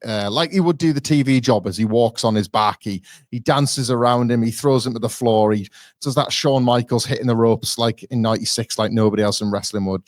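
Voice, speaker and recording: Man, podcast co-host, animated storytelling, dry close sound. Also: medium pitch, dry recording. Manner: animated storytelling, laughing often. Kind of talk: casual podcast review chat.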